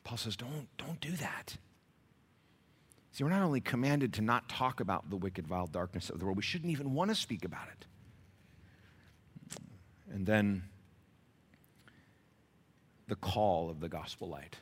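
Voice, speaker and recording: A male pastor preaching a sermon, telling stories with lively swings from shouts to hushed whispers. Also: fairly low pitch, normal speed, long pauses, breathy edge.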